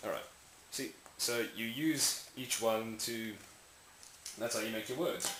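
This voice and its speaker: A man's voice: mid-range voice, steady tone, a little slow, bright, forceful tone. A man casually explaining speech sounds in a lesson, rambling and correcting himself while he demonstrates each sound aloud. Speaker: language tutorial maker. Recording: echoey room with faint hiss.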